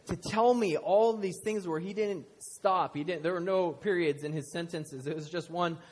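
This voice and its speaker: High-voiced man preaching in an echoing hall. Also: moderate pace, a little mellow. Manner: chatty storytelling with self-deprecating jokes. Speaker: pastor. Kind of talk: casual humorous sermon. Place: church hall before a congregation. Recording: long hall reverb.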